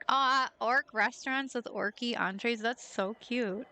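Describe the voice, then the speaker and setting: Giggling at her own jokes, a young woman plays a game on stream and chats playfully with her viewers. Her voice is a little high, pushed and bright, her pace unhurried, and the audio quality is low.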